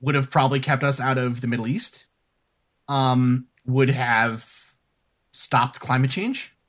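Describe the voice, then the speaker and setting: A man's voice: mid-range voice, unhurried, a bit bright. A man hosting a podcast, chatting casually and rambling, then reading an upbeat sign-off. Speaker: podcast host. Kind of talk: casual chat.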